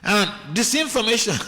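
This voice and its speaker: A man giving a sermon, his high voice swooping animatedly as he acts out quoted voices. His bright tone rings through a temple hall with long reverb, and he halts often to restart a phrase. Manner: halting with restarts. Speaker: speaker giving a scripture class.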